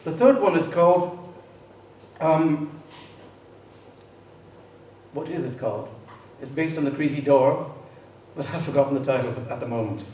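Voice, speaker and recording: A man, a composer, explaining his pieces in a relaxed live lecture, pausing often with fillers. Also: fairly high pitch. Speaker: composer presenting his works. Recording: echoey room, voice from a distance, faint noise.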